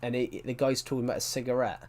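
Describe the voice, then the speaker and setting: A man's voice: medium pitch, little pitch movement, rapid-fire, a little mellow. A man livestreaming a game, telling stories in a rambling casual chat and often correcting himself mid-sentence. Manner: rambling storyteller, frequent self-corrections.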